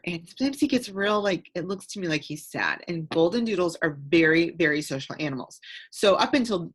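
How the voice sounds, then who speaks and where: A woman's voice: fairly low pitch, lively intonation, fairly quick, husky. A middle-aged woman from the American Midwest tells a personal story with many fillers, rambling and getting emotional. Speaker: community call participant.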